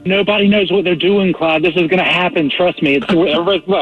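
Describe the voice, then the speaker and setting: A man's voice: sits high, steady tone, fast, dull audio, over music. A man speaking emphatically as a guest on a talk radio show. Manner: emphatic, insistent.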